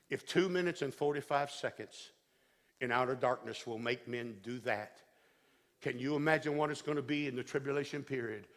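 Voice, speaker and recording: A man preaching a sermon who tells a story dramatically and builds to shouted peaks. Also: medium pitch. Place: church sanctuary. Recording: church hall reverb. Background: long hall reverb.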